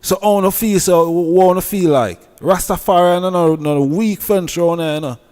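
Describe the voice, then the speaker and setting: A man's voice: high voice, brisk, darkish tone, long reverb tail. A man with a Jamaican accent who scolds and preaches in a heated commentary rant, repeating himself. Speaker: online commentator.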